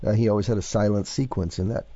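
Mellow low-voiced male interviewer. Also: fast, no echo, highs cut off. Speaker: host. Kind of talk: interview host.

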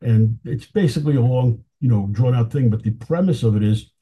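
A man's voice: mid-range voice, brisk, husky, highs cut off. A man talking casually as an interview guest, telling anecdotes with enthusiasm and chuckling now and then. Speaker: film historian guest.

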